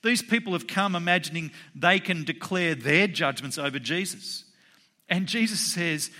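A man preaching a sermon in a conversational way, acting out the quoted voices with sudden jumps in pitch. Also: normal speed. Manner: animated, acts out quoted voices with rising pitch; conversational, with fillers. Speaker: pastor.

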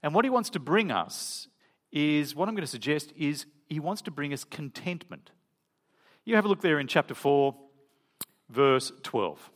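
A man's voice: on the high side, animated, moderate pace, fairly bright tone. A middle-aged man, preaching a sermon in a conversational, storytelling way with frequent restarts. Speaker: pastor.

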